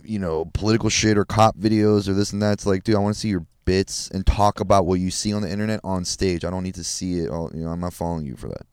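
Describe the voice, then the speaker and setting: Laid-back young man with a lowish voice. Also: steady tone, fast talker, few pauses, darkish tone, clean tone, dry recording, studio quality. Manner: laid-back, rambling, profane. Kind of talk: casual podcast chat.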